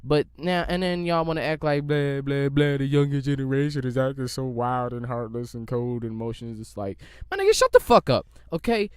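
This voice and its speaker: A young man hosting a solo podcast, delivering a heated, profane, animated rant. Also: medium pitch, brisk, smooth, no room sound, studio quality. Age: young adult. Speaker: podcast host. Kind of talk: solo ranting monologue.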